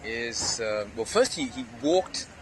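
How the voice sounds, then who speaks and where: A man's voice: medium pitch, lively intonation, slow pace. A male interviewer asking friendly questions, recorded outdoors near traffic. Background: street and car noise.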